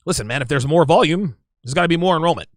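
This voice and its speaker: A man's voice: fairly high pitch, expressive, rapid-fire, no echo, studio quality. A man hosting his own show, talking to his listeners in an emphatic, casual solo monologue. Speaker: podcast host.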